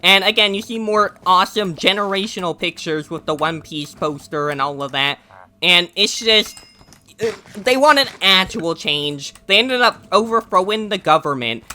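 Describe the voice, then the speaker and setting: A young man giving casual, rambling commentary while playing a video game, excitable and slangy, often laughing and restarting his sentences. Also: high voice, normal speed. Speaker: gaming YouTuber explaining news.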